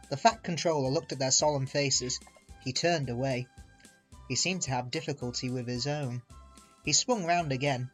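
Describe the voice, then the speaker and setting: A man reads a children's storybook aloud in a measured, expressive way. His pitch sits in the middle and soft music plays faintly underneath. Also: slightly rough. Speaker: reader. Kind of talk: storybook narration.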